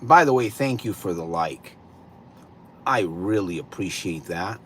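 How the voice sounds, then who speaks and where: Guy doing a live stream, slow reflective questions, voice goes up and down a lot. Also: low-pitched, lively intonation, a bit bright, slight background noise. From California. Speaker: livestream host.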